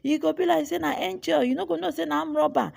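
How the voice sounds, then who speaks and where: A woman's voice: high voice, fast, creaky, a little mellow, pitched above the performer's own voice. A woman voicing an agitated Lagos market bystander. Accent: Nigerian Pidgin. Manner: accusing, egging on, in Pidgin.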